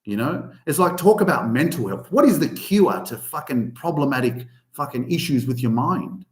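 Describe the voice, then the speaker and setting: A man's voice: mid-range voice, normal speed, roomy sound. A man hosting a podcast, giving an emphatic motivational rant full of swearing. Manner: animated, heavy swearing, emphatic. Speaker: podcast host.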